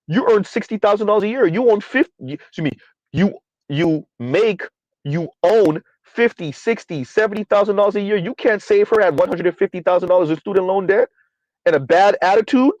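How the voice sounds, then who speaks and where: A man's voice: sits high, darkish tone, dry recording, highs cut off. A man hosting a live-streamed commentary show, talking emphatically to viewers and reading their comments, often repeating lines for effect. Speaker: livestream commentary host.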